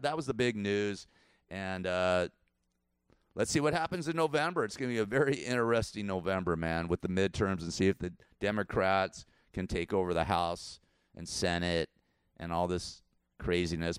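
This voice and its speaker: A man of around sixty hosts his own show, offering casual political commentary that rambles, repeats itself and is punctuated by frequent chuckles. His voice is on the low side and smooth, recorded in studio quality with no room sound.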